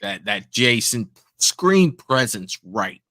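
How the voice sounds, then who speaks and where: A man's voice: fairly low pitch, very animated, slow, pushed and bright, dry recording, clean studio sound. A man co-hosting a fan-film review show, speaking in an easygoing casual chat full of hedges. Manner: easygoing, hedging with "you know". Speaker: co-host reviewing fan films.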